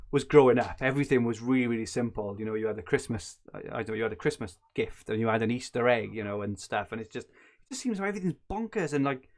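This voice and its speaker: A man hosting a podcast, chatty and laughing easily. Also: medium pitch. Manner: chatty, laughing often, with frequent restarts. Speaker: podcast host. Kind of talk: casual chat.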